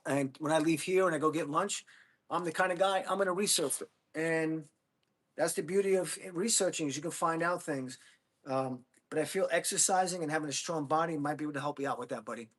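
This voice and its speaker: A man's voice: on the high side, a little fast, a bit bright. Rambling man in his fifties on a livestream. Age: 50s. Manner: rambling, friendly, talks straight to viewers with "buddy" and "bro". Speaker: livestream host. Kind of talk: casual livestream chat with viewers.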